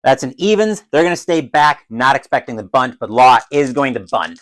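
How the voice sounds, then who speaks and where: A man calling a tabletop dice baseball game as a solo play-by-play announcer, who gets loud and excited on big plays. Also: medium pitch, rough recording. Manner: adds his own crowd cheers.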